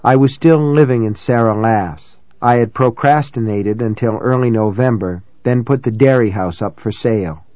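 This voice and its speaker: A man of middling pitch narrates a novel in first person, calm and reflective. His delivery is measured and even. The recording is dry, close and slightly dull. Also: no room sound. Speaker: audiobook narrator.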